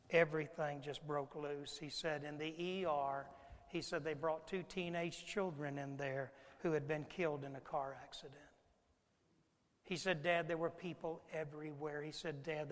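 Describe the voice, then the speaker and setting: Preacher guy, middle-aged, kinda high voice, goes from booming to almost whispering, big echoey church. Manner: impassioned preaching, swinging from loud declarations to hushed intimate tones. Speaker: pastor. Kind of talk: sermon. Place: church sanctuary. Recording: reverberant sanctuary sound.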